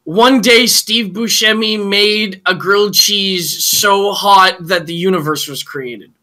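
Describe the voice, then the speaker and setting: A man on a casual talk panel, excitable and jokey, rambling with many restarts. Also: high voice, slow pace.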